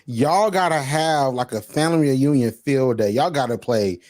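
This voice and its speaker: A man hosting an interview with enthusiastic, playful slang and quick interjections. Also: medium pitch, darkish tone. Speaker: podcast host. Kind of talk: casual interview chat.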